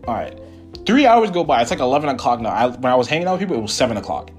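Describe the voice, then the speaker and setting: A young man hosting his own podcast, telling a personal story in a rambling, animated, profane way with lots of fillers. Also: medium pitch, racing, faint music behind. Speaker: podcast host. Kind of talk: casual solo storytelling.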